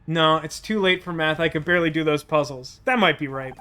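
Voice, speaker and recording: A man's voice: a little high, brisk, few pauses, bright, forceful tone, smooth, faint music behind. A man streaming a game, chatting casually and reading its dialogue aloud in a playful, self-deprecating way. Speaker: let's play streamer.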